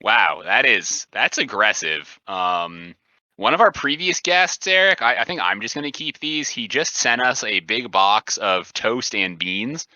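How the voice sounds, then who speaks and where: A man hosting a casual podcast, quizzing his guest in a deadpan way. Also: lowish voice, unhurried, no echo. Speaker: podcast host. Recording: dull lo-fi sound, dry.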